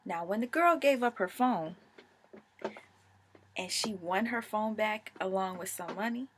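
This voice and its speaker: A young adult woman vlogger telling a personal story in a casual, animated, emotional way. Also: medium pitch, unhurried, noisy background.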